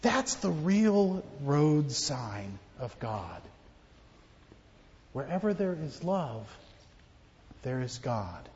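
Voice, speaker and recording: Animated pastor telling children a story. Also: male voice, a little high, very slow, long pauses, big-room sound, dull audio. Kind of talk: children's sermon. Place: church.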